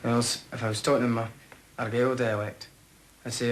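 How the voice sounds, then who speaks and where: Chatty young Scottish soldier. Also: male voice, medium pitch, flat delivery, fairly quick, a little hiss or hum, rough recording. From Scottish Highlands. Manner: chatty and informal, with slang. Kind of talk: casual interview.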